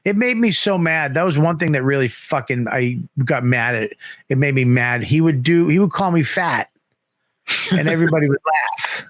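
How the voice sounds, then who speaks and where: A man's voice: fairly high pitch, moderate pace, no echo, studio quality. A man telling a casual, profane story, acting out the people he quotes. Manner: profane, animated, acts out quotes. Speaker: guest comedian.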